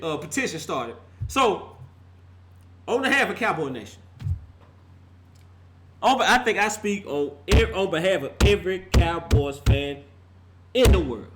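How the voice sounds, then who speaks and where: Fired-up high-pitched male fan ranting. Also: background noise. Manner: fired-up, laughing, street slang, repeats for emphasis. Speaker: fan vlogger. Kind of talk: animated fan rant.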